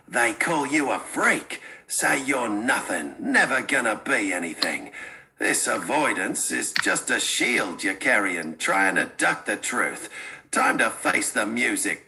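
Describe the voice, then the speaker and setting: A man's voice: on the low side, animated, unhurried, pushed and bright. A synthetic male text-to-speech voice with an Australian accent, bantering on a livestream in a folksy, needling way full of slang. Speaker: AI chatbot co-host.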